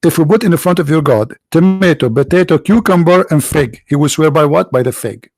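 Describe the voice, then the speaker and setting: Gravelly-voiced man, sarcastic and tired. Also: on the high side, a little fast, a little mellow, no room sound, studio quality. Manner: sarcastic, mocking, rhetorical questions. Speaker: video host and preacher. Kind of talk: mocking commentary monologue.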